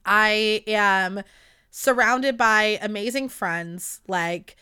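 A woman in her twenties telling a rambling, animated story in a casual monologue, swearing freely. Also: mid-range voice, very slow, clear, resonant tone. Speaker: podcast host.

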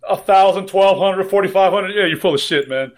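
A man's voice: high voice, brisk. A man co-hosting a casual trading podcast, rambling, joking and swearing freely. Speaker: podcast co-host.

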